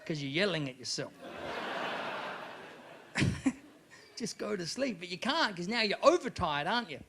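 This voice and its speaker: A man's voice: high-pitched, sing-song, fast, vocal fry, pushed and bright. A man doing crude, chatty live stand-up comedy and laughing at his own jokes. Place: comedy venue before a live audience. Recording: live venue recording with room noise.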